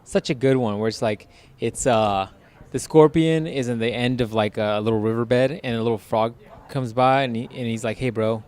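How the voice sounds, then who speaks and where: A man's voice: mid-range voice, moderate pace, a little mellow, clean tone. A young man co-hosting a casual podcast, joking around and retelling stories with playful put-on voices. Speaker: podcast co-host.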